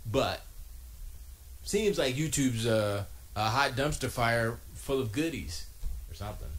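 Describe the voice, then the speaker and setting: A man chats loosely on a livestream from his home music studio. He rambles, cracks jokes and reads viewer messages aloud, then drops into quiet mutters to himself. His pitch sits in an ordinary middle range. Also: a little hiss or hum. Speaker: live streamer reading chat. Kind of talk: casual livestream chat.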